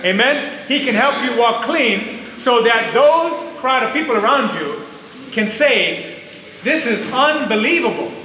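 Bright high-voiced preacher in a hall. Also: male voice. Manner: emphatic, repeats key phrases, asks the audience "Amen?". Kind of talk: sermon. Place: large hall with an audience. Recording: roomy hall, dull lo-fi, faint hiss.

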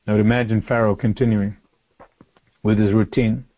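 A man preaching a sermon, reading scripture aloud and explaining it earnestly, slowing down and repeating phrases for emphasis. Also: lowish voice, little pitch movement, lo-fi sound. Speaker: pastor. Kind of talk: sermon, expository Bible teaching.

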